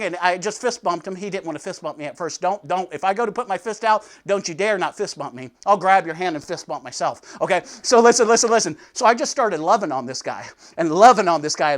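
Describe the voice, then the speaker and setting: A man giving a devotional sermon, telling a story with sudden swings between loud and soft. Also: sits high. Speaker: pastor.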